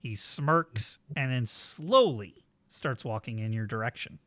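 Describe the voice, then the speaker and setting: Bright-voiced man running a tabletop game. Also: medium pitch, expressive, a little slow, no echo. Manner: casual narration with fillers. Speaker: game master.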